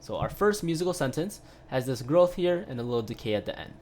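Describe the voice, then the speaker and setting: A man's voice: mid-range voice, sing-song, fast, darkish tone, a little hiss or hum. A man giving a casual online piano lesson, explaining step by step with lots of "right?" tag questions and filler sounds. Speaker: piano teacher.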